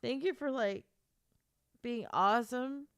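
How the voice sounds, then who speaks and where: Young woman, live-stream chatter, teary, stuffed nose, laughing and swearing, smooth voice, dry sound. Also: fairly high pitch, slow, no echo. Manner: emotional, laughing through tears, swearing. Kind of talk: casual live-stream chat.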